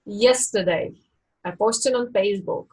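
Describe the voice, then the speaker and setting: A woman life coach giving a live-stream coaching talk, teaching in a slow, deliberate way with reflective pauses. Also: mid-range voice, darkish tone, husky, rough recording.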